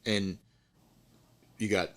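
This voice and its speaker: A middle-aged man hosts a podcast, telling a story in casual chat and acting out the voices of the people in it. His voice is fairly low and very slow, and he comes across as an animated storyteller who performs the quotes.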